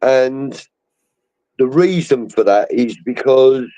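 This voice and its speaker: A man's voice: medium pitch, lively intonation, slow, mellow. A man co-hosting a casual chat over a video call, telling rambling football anecdotes and acting out the voices of others. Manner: rambling storyteller, acts out quoted voices. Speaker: podcast co-host. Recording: dull lo-fi stream audio.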